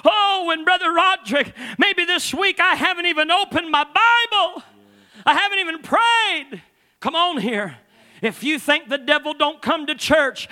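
High-pitched, shouting preacher man. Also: big pitch swings, a little slow, pauses often. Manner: fervent preaching with frequent "uh" between phrases; shouts at the peaks of his phrases. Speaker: pastor. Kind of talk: sermon. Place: church sanctuary.

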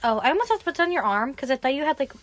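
A woman's voice: sits high, sing-song, rapid-fire. A woman co-hosting a casual podcast chat, joking around and swearing. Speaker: podcast co-host.

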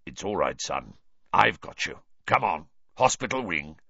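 Guy doing a deep gruff bossy old wizard, short clipped lines, dry flat recording. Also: measured pace, no room sound, highs cut off, exaggerated voice. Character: gruff large older male wizard, brusque and commanding.

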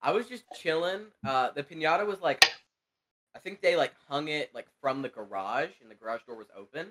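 A man's voice: a little high, expressive, a little fast, very noisy. A young man co-hosting a podcast over an online call, offhand and apologetic with dry jokes. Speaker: podcast co-host. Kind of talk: casual chat.

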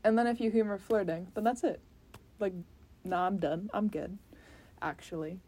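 A young woman talks straight to her camera in a loose, sassy vlog rant. She is animated and full of fillers and restarts, her voice sitting at a middle pitch. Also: normal speed. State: sweaty after activity. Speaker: vlogger. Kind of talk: casual talking-to-camera rant.

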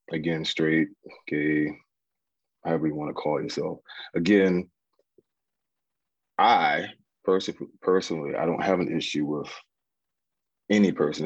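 A man speaking as a podcast guest in a measured, even-handed way. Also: deep voice, dry recording. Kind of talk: casual discussion. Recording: dry dull lo-fi sound.

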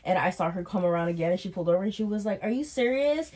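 A woman's voice: on the low side, very fast. A woman co-hosting a podcast, casually telling a story about a bad date, swearing freely and acting out both sides of the conversation. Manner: profane, animated retelling with quoted dialogue. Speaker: podcast co-host.

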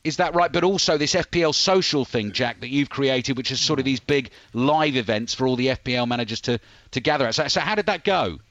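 A man's voice: mid-range voice, animated, a little fast, fairly bright tone, no echo. Brief: jokey podcast host, man, dead-dry slightly muffled sound. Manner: joking, self-mocking interviewer. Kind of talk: casual podcast chat.

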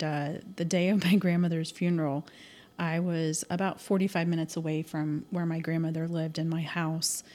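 A woman from the American Midwest talks as a podcast guest. Her voice sits slightly low. She tells personal stories thoughtfully, pausing often and filling the gaps with hesitations. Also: darkish tone. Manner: thoughtful, hesitant with many fillers. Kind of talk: casual storytelling interview.

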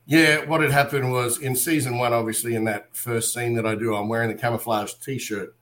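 An Australian man, a wrestler and actor, telling animated stories in a casual interview and acting out other people's lines as he goes. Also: mid-range voice, brisk, a little hiss or hum.

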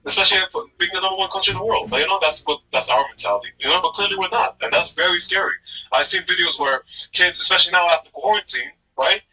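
A man from the northeastern United States rattles on in casual podcast chat, animated, laughing often and checking in with his co-host. His voice is very bright and a little husky, and it comes at a quick clip. The recording is dull and lo-fi, with him sitting back from the mic. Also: high-pitched. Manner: animated, laughs often, repeats "you know what I mean". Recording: muffled, distant, lo-fi mic.

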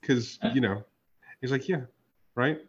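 A man in casual podcast chat spins a profane story, acting out each back-and-forth in different voices. His pitch sits in the middle. The audio is muffled and lo-fi. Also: measured pace, slightly rough. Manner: profane, storytelling with reenacted dialogue. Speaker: podcast host.

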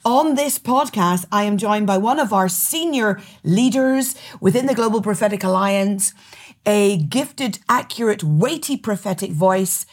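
A woman's voice: medium pitch, animated, a little slow. A woman with a Northern Irish accent, hosting a podcast in casual, laughing chat from a studio. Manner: chatty, laughing, warm teasing banter. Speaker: podcast host. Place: recording studio.

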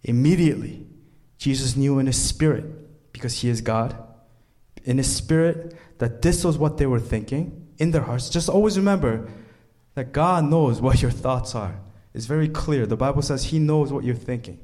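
A man's voice: mid-range voice, normal speed, darkish tone. A male pastor preaching a sermon, reading scripture aloud and driving points home with emphatic rises.

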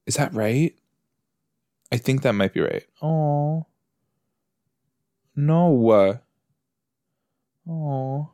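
A man's voice: mid-range voice, lively intonation, slow pace, pauses often, warm tone, no echo, clean studio sound. A man hosting a podcast, chatting and joking as he reacts to a TV episode while he watches it. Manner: chatty, joking, talks back to the screen. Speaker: podcast host. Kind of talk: episode watch-along commentary.

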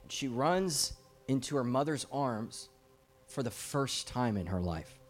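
A man's voice: medium pitch, expressive, measured pace, soft background music. A middle-aged man preaching a fervent, urgent sermon as a guest preacher, his volume swelling and dropping as he presses his points.

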